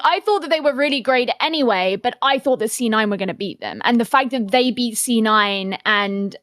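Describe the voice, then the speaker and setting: A woman co-hosts an esports talk show as a commentator, chatty and eager. Her voice sits a little high. The sound is dry and close. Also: dry recording. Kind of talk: casual esports chat.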